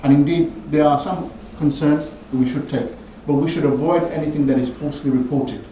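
A man giving a Friday sermon in a mosque, telling stories animatedly and rising in pitch and force when he quotes people. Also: steady tone, brisk, warm tone, slight background noise. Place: mosque prayer hall. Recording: very echoey hall, voice from far off.

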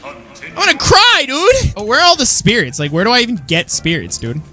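A woman commenting on her own gameplay, excitable and slangy, often yelling at the screen. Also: mid-range voice, fast. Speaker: gaming channel host. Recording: loud game music behind voice. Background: game music.

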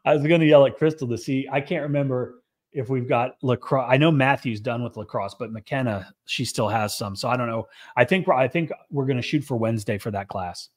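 A man's voice: medium pitch, fairly quick. Rambling middle-aged man, casual. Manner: rambling, many restarts and fillers. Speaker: business owner and show co-host. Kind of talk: casual chat.

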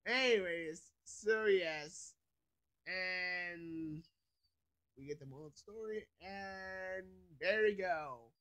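High-voiced, rambling young reviewer man. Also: slow pace, fairly bright tone, clean tone. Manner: rambling, with many filler phrases. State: sleepy, yawning. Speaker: cartoon episode reviewer. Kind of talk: casual video review.

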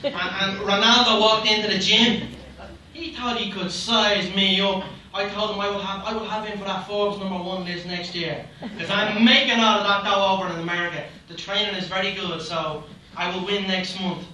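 A man's voice: high voice, steady tone, moderate pace, pushed and bright, a little hiss or hum. A man putting on a cocky young fighter, swaggering and boastful. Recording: dull echoey live hall from a distance.

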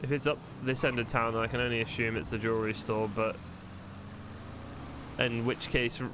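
A man's voice: mid-range voice, level tone, moderate pace, background noise. Chatty man streaming a game. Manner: chatty, self-deprecating, thinking aloud. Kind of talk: casual commentary while playing.

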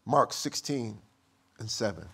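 A male pastor delivers a sermon in an expressive, husky voice, reading scripture with a measured rhythm. He alternates soft, low passages with loud, high-pitched bursts.

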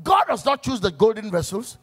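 A man's voice: high voice, big pitch swings, a little fast, slightly rough. A man, a pastor preaching a sermon to church workers in a church, emphatic as he weaves stories and scripture quotes.

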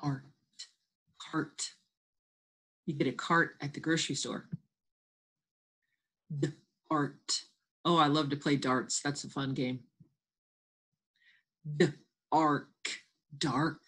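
A woman teacher giving a remote phonics and spelling lesson, slowly sounding out letters and words and encouraging her absent students. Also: low voice, fairly even intonation, a bit bright, slightly rough.

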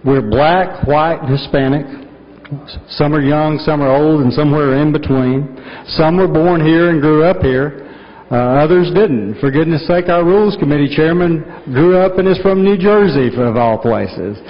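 North Georgia man speaking in an echoing chamber. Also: fairly high pitch. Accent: North Georgia mountains. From North Georgia, USA. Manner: folksy and earnest, with frequent "uh" pauses. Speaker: state senate majority leader. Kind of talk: formal floor address. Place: large legislative chamber. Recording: dull broadcast audio with long chamber reverb.

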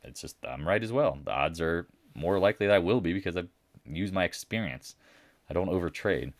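A man's voice: deep voice, animated, fairly quick, dry recording, clean studio sound. A man hosting a casual market recap, talking bluntly and boastfully, with mocking asides. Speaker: market commentary host.

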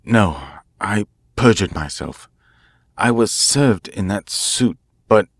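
A man's voice: fairly low pitch, expressive, slow, no echo, full character voice. A man reading a classic mystery aloud, voicing a nervous male prisoner who pleads and confesses in a strained, broken way. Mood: desperate. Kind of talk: audiobook character voice.

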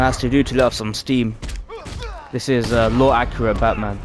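A man's voice: mid-range voice, steady tone, moderate pace. A man giving joking, mock-dramatic let's play commentary. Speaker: gaming YouTuber.

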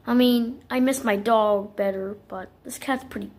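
A woman's voice: fairly high pitch, steady tone, normal speed, darkish tone, pitched below the performer's own voice, natural voice. A woman voicing Lenny, a sulky male puppet who misses his lost dog, in a homemade puppet movie. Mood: glum.

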